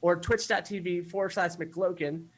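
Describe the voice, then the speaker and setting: Male podcast host, lighter-pitched voice, easygoing chat. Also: moderate pace. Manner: relaxed, with filler words.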